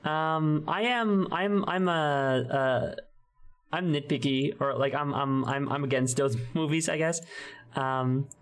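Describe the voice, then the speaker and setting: A man with a fairly high voice chats through a gaming stream, rambling and tripping over his own sentences. He giggles often and talks in a loose, easygoing way. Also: slow. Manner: rambling, self-interrupting, giggly. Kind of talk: casual gaming stream chat.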